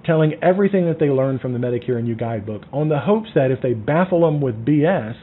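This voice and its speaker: A man giving sales coaching in a lively way, acting out phone calls and lowering his voice for effect. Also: fast talker, husky. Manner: animated, acts out phone calls, drops to a low voice. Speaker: sales trainer. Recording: tinny phone-like sound.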